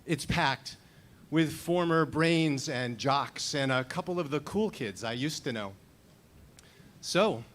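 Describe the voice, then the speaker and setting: Fifties guy doing a story slam, wry, kinda high voice, faint noise behind. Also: fairly bright tone. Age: 50s. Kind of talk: live story slam performance.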